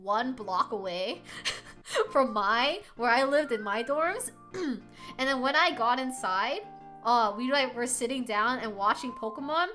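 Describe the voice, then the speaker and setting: A high, bright young woman chats to her livestream audience with a lot of laughter and casual swearing. Her pitch swings widely as she tells a story, and faint music plays behind her. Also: expressive, unhurried.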